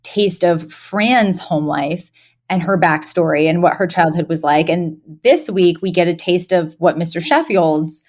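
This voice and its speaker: A woman co-hosting a podcast, talking in relaxed, casual chat. She is animated and laughs a lot. She slips into voices when quoting lines from an episode. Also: lowish voice, unhurried. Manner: animated, laughs often, acts out quoted lines. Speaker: podcast co-host.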